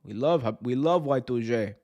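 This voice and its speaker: A man's voice: mid-range voice, animated, normal speed, darkish tone, no room sound, lo-fi sound, lightly acted. A man putting on an overly polite male official, formal and hesitant. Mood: courteous.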